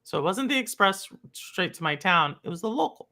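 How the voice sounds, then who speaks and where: Woman, podcast host, from Texas, animated storyteller, bright tone, very lively pitch. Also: fairly quick. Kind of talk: casual chat, storytelling.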